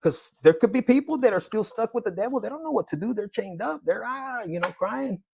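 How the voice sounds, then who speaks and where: Gravelly high-voiced man reading tarot. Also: brisk, no room sound. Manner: animated, slangy, laughs often, acts out quoted voices. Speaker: tarot reader. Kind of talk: casual tarot reading monologue.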